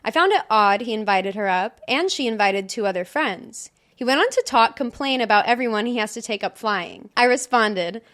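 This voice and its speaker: A woman's voice: on the high side, lively intonation, moderate pace, hardly any pauses, fairly bright tone. A young woman co-hosting a casual podcast, reading stories aloud in a chatty way and laughing often. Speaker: podcast co-host.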